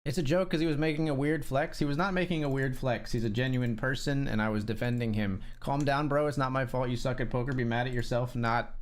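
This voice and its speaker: A man's voice: mid-range voice, steady tone, quick pace, few pauses. A man streaming online poker, commenting casually on his hands and ranting with sarcasm and swearing.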